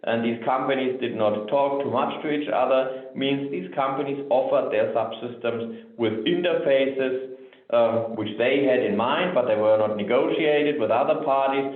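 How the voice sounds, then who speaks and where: A man delivers a technical webinar presentation at an ordinary mid pitch, pacing his points with "so" and "um". His voice comes through a thin, telephone-like line. A roomy echo hangs around every word. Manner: measured, frequent "so" and "um" fillers. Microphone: remote webinar audio.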